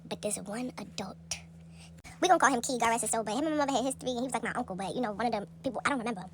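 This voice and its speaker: On a phone held close, a young woman tells a story at a racing clip, casual, animated and profane. She acts out the people in it using a high voice, and there's slight background noise.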